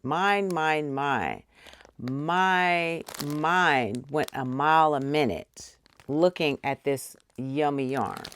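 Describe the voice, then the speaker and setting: A woman's voice: deep voice, takes it slowly, slight background noise. A woman crochet vlogger unboxing yarn, gushing with gasps and squeals. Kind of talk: unboxing vlog.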